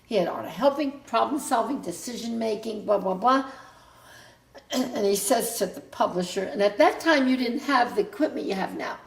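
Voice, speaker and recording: Older woman rambling through family memories, high voice. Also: normal speed, gravelly, reverberant. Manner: rambling, self-interrupting storyteller. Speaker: mother recounting family history. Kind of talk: casual family reminiscence.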